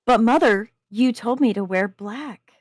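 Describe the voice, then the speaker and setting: A woman's voice: on the high side, measured pace, a little mellow, dry recording, studio quality, pitched above the performer's own voice. A woman reading aloud as a defiant young woman who answers her mother in mock innocence. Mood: mock-innocent. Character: defiant sarcastic young woman, rebellious daughter.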